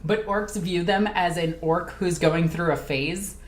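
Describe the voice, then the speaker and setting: An excitable, chatty woman hosts a live Q&A stream, reading viewer comments aloud and jumping from one topic to the next. Her voice is on the low side and unhurried. She's in an echoey room with faint ambient noise.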